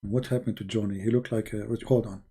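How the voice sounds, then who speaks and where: Sarcastic man with dark voice. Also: on the low side, fairly even intonation, fast talker, husky. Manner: sarcastic, non-native grammar, shifts between loud and quiet. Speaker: online commentator. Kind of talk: mocking commentary.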